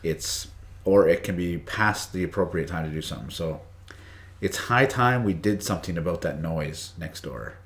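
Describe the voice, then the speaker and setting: A man's voice: low voice, normal speed, fairly bright tone. A man teaching English idioms on a live stream, chatty, greeting viewers by name and reading the chat aloud. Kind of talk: casual live-stream lesson. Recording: echoey room.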